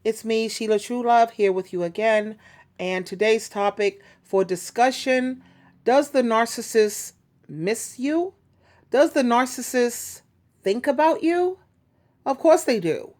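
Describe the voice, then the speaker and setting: Casting: woman advice vlogger, slightly high voice, chatty and giggly, rambling, talks straight to her viewers. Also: takes it slowly, a little mellow. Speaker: YouTube advice host. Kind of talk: casual talk to camera.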